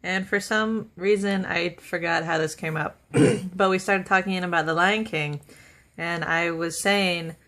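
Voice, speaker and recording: Young woman, vlogger, low-pitched voice, enthusiastic, laughs often, chatty with fillers, casual to-camera talk. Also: steady tone, unhurried, a bit bright. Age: young adult. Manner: chatty with many fillers and run-on sentences.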